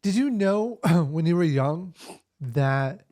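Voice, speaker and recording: A man's voice: on the high side, expressive, slow, warm tone. A man hosting a podcast, asking his guest questions between short encouraging interjections. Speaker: podcast host.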